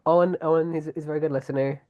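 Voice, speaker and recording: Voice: mid-range voice, steady tone, rapid-fire, lo-fi sound. A musician guest in a casual podcast chat, swearing, laughing and restarting sentences.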